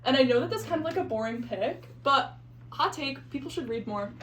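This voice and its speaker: A woman co-hosting a casual podcast chat, telling stories in an expressive, joking way and swearing freely. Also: high voice, a little fast, far from the mic. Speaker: podcast co-host. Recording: echoey room with faint background noise.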